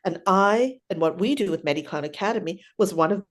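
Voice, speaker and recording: A woman's voice: lowish voice, animated, brisk. An older woman, a clown teacher, chatting animatedly through stories in an interview and often tagging her sentences with "right?". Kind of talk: casual storytelling interview.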